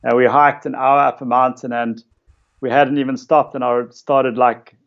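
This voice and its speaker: A man, a photographer casually telling stories about his shoots in a relaxed way, with lots of fillers. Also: medium pitch, normal speed, vocal fry, dull audio. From South Africa. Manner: relaxed storytelling with many fillers. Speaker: interviewed photographer. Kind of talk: casual conversation.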